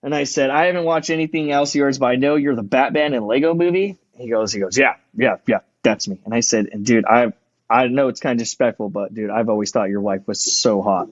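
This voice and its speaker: A man's voice: medium pitch, fast talker, no echo, lo-fi sound. A man in his thirties, a podcast guest, telling stories in casual chat, acting out quotes and swearing a lot.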